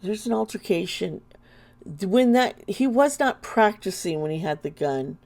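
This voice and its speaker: A woman's voice: mid-range voice, animated, unhurried, a little mellow. A woman doing an intuitive tarot reading for her vlog, earnest and emotional, often trailing off mid-sentence. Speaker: tarot reader.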